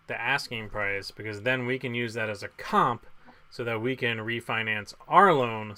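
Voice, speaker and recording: Man, trivia host, bright dry delivery, rambling and jokey between questions, webcam at home. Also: medium pitch, dry recording. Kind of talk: casual live trivia hosting.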